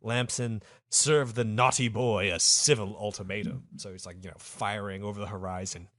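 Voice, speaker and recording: A man's voice: fairly low pitch, steady tone, moderate pace, a bit bright, dry recording, studio quality. A man hosting a comedy podcast and telling a story in a profane, rambling way. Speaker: podcast host.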